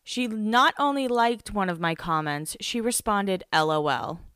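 A woman's voice: medium pitch, lively intonation, measured pace, fairly bright tone, clear, resonant tone, dry recording, studio quality. A woman hosting a podcast, recapping in casual chat, rambling, swearing and laughing at herself. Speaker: podcast host.

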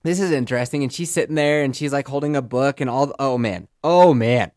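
A man's voice: medium pitch, brisk, no room sound, clean studio sound. Rambling man telling a story. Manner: rambling, animated, jokey. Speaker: podcast host. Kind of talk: casual storytelling.

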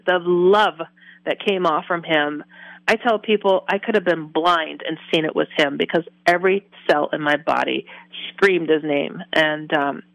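A woman guest in an interview, telling a personal story in animated detail and acting out her own reactions with laughs. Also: lowish voice, vocal fry, no room sound, low-quality recording. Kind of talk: personal testimony.

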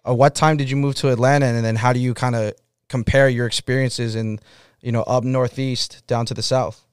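A man hosting a podcast, introducing his guest in a relaxed, conversational way. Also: mid-range voice, fairly quick, clear, resonant tone, no echo, studio quality. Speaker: podcast host. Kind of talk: casual podcast interview. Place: Boston.

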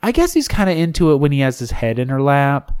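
A young man co-hosting a podcast, riffing playful jokes in a casual, animated way. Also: on the high side, fast, clear, resonant tone. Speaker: podcast co-host.

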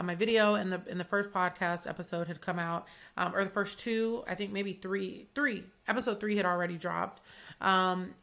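A woman's voice: lowish voice, creaky, fairly bright tone. A young woman from Atlanta hosting a podcast, talking casually and candidly with lots of "like" fillers. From Atlanta, USA. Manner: chatty, candid, heavy use of "like". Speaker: podcast host.

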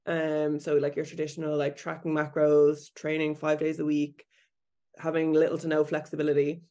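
A woman's voice: sits low, completely flat delivery, moderate pace, mellow. A woman coach and researcher speaking as a podcast guest, candid and self-deprecating, laughing lightly as she talks. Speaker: body image coach and researcher.

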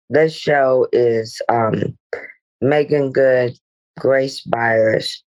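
A woman's voice: a bass voice, poor audio. A middle-aged woman, a guest actress, speaking reflectively in a podcast interview with meandering "you know" asides.

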